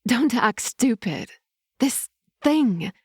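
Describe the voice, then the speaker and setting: A woman voicing a young female vampire heir in an audiobook, with a higher, urgent and emotional delivery. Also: animated, very slow, darkish tone, slightly rough, no room sound, clean studio sound, heavily acted. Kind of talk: audiobook character reading.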